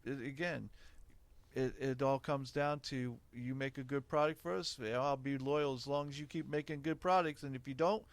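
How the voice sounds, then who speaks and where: A man's voice: medium pitch, fairly even intonation, moderate pace, no room sound. A middle-aged man hosting a podcast, talking frankly and opinionatedly in casual chat, laughing often. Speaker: podcast host.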